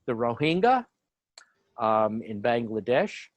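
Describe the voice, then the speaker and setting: A man's voice: medium pitch, very animated, takes it slowly, no echo. A man speaking on an online panel about human rights, giving an informal lecture full of fillers, asides and restarts. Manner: rambling, many fillers and asides.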